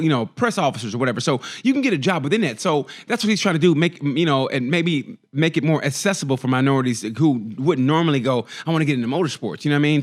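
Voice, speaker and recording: A man co-hosting a podcast, telling stories in casual chat, animated, swearing freely and acting out what others said. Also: a little high. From United States. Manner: animated storyteller, swears freely, acts out quotes. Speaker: podcast co-host.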